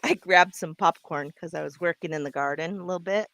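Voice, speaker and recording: Easygoing older woman with a lowish voice. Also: brisk, creaky, a bit bright, a little hiss or hum. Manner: easygoing, chuckling. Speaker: guest. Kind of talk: casual live-stream chat.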